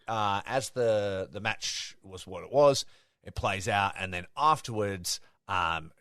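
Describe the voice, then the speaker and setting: Man, low voice, casual podcast co-host, excitable storyteller, swears a lot, dry close sound. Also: no echo. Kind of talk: casual wrestling podcast chat.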